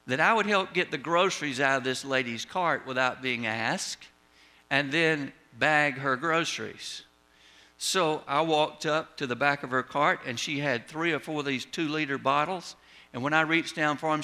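Older pastor, wry folksy storyteller, higher voice, sharp and bright. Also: male voice.

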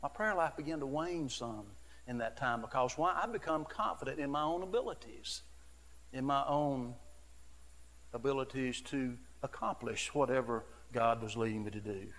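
In a large hall, a middle-aged man who serves as associate pastor gives a sermon in a mid-range, somewhat bright voice at normal speed. He tells stories earnestly and conversationally, often saying "you know."

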